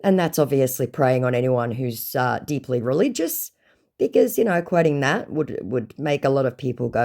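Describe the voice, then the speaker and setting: Sarcastic woman with a very low voice. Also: animated, moderate pace, creaky, a little mellow. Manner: sarcastic and mocking. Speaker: scam-baiting content creator. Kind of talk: casual vlog storytelling.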